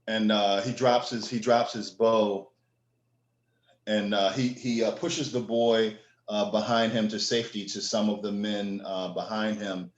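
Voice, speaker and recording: A man narrating a tabletop game as game master, halting and restarting often. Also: on the low side, little pitch movement. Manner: halting, many fillers and restarts. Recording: echoey room, dull lo-fi sound.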